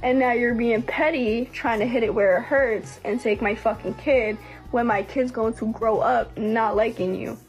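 Young woman, livestream host, blunt, heated, profane, fairly high voice, faint music behind. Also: steady tone, moderate pace. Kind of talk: casual livestream venting.

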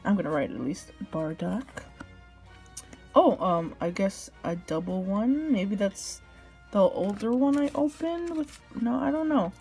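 A young woman opening trading cards, gushing as an excited fan with gasps and laughter. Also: mid-range voice, unhurried. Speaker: card unboxing vlogger. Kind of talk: excited unboxing commentary. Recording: faint background music.

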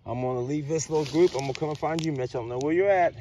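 A man vlogging outdoors in the woods, rambling excitedly and joking as he goes. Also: fairly high pitch, rapid-fire, hardly any pauses, slight background noise. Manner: excited, rambling, talks to mushrooms playfully. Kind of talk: casual outdoor vlog narration.

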